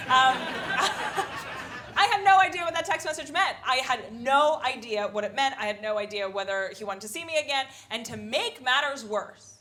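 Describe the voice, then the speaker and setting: Animated woman doing live stand-up. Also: a little high, moderate pace. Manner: animated, swings into loud put-on voices for punchlines. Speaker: stand-up comedian. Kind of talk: live stand-up comedy set. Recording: live comedy club with audible noise.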